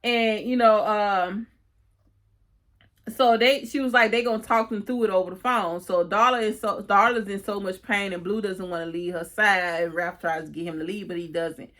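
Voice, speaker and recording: A woman's voice: medium pitch, fairly even intonation, normal speed, fairly bright tone. A woman casually recapping and reviewing a TV episode, retelling the scenes by quoting the characters, with chatty fillers and restarts.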